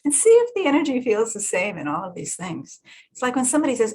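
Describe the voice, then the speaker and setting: A woman energy healer leading a group session, telling lively stories, acting out the voices she quotes and laughing often, then guiding breathing. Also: a little high, quick pace, breathy edge. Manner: animated storyteller who acts out quoted voices and laughs often. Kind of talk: casual group talk with guided breathing.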